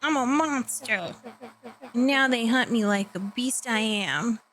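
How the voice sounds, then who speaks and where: A woman's voice: fairly high pitch, slow, a bit bright, slight background noise, poor audio. Brief: resentful young boy-monster, read by a woman, bitter and sarcastic.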